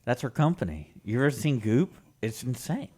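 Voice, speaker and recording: A man's voice: medium pitch, very animated, normal speed, a little mellow. A man co-hosting a radio show, joking about himself in casual banter. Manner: self-deprecating, wry banter. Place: radio studio.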